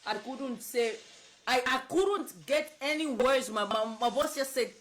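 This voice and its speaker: A woman from Zambia speaks in emotional political commentary, her voice swinging widely in pitch. She sounds upset and close to tears, and she presses her points by repeating them. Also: animated, unhurried, low-quality recording. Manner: emotional, insistent, repeats herself. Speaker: political advocate.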